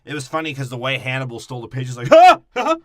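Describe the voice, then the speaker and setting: A man recapping a film in a loose, profane chat with a bright, forceful voice. He mocks every scene and keeps jumping into goofy impressions. The sound is dry and close to the mic. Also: medium pitch, steady tone, rapid-fire, no echo. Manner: profane, mocking, slips into silly character voices. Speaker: podcast co-host. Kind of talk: crude casual movie recap.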